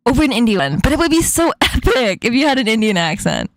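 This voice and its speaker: A woman's voice: on the high side, sing-song, fast, no room sound, studio quality. A woman hosting a casual chat stream, giggling often and swearing casually. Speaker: streamer host.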